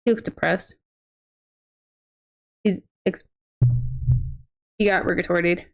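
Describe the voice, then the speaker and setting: A woman's voice: fairly low pitch, steady tone, takes it slowly, gravelly. A woman streaming a game in casual commentary, chatty and cursing freely, cooing baby talk at her pets. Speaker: gaming streamer.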